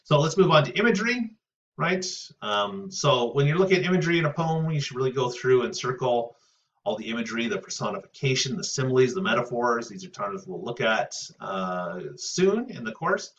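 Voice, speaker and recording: A man teaching a recorded poetry lesson in a casual, thinking-aloud way, often pausing with fillers and checking in with "right?". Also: medium pitch, big pitch swings, fairly bright tone, a little hiss or hum. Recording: distant, muffled lo-fi audio.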